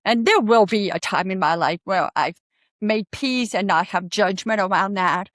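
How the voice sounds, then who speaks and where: Woman guest, mid-pitched, candid and earnest, dry close sound. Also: moderate pace, dry recording. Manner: earnest, candid, laughs easily. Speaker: podcast guest, forest bathing guide. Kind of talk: casual interview talk.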